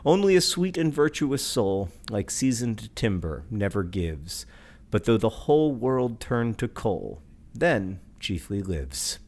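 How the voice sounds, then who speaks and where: A man co-hosting a podcast, reading poems in a slow, measured way and chatting in quick asides with plenty of fillers. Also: fairly low pitch, big pitch swings, darkish tone. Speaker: podcast co-host. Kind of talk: reading poems aloud and casual chat.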